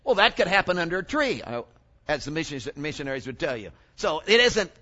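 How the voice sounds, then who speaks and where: Animated preacher man, bright high voice. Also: a little fast, lo-fi sound. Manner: animated, exclaims and asks the congregation questions. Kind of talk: sermon.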